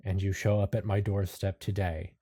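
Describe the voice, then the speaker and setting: A man's voice: low-pitched, little pitch movement, normal speed, dark tone, slightly rough. A man narrating as game master of a tabletop game, laughing often and jumping into character voices.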